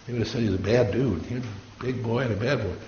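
A male pastor speaks fast in a warm, mid-range voice, preaching and storytelling while mimicking the people he quotes. The recording has echo, faint hiss, and a dull lo-fi sound.

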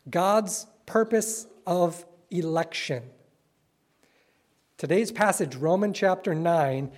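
A man preaching to his congregation, telling stories conversationally and slowing down hard on key phrases. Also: sits high, a little mellow. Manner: conversational, playful storytelling with sudden slow emphatic phrases. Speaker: pastor. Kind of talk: sermon. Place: church sanctuary with congregation.

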